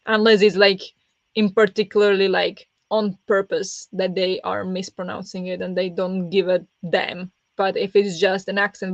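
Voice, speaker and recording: A medium-pitched woman runs a casual live reading sprint stream, chatting and frequently laughing with viewers in English, her second language. The audio has no echo but its highs are cut off.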